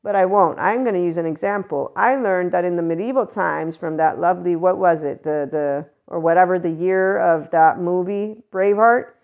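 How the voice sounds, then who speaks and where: A woman's voice: on the low side, normal speed, few pauses, darkish tone, muffled recording. A woman hosting a solo podcast, talking casually and bluntly, laughing often as she goes. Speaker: podcast host.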